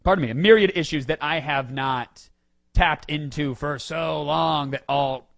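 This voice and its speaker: Podcast host, male, higher register, animated comic storyteller. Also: a little slow, vocal fry. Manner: animated, swings loud and quiet. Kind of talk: casual comedic storytelling.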